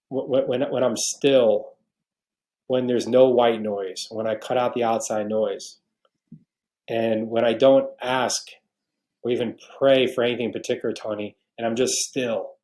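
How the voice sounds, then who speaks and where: With a medium-pitched, darkish voice, a man in his forties from New York recounts his faith journey earnestly and emotionally as a podcast guest, frequently restarting.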